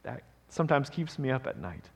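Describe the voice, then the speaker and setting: Male pastor, casual preaching style with rhetorical asides, some vocal fry, echoing sanctuary. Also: mid-range voice, very animated, brisk. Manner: conversational preaching, frequent "right?" asides. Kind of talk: sermon.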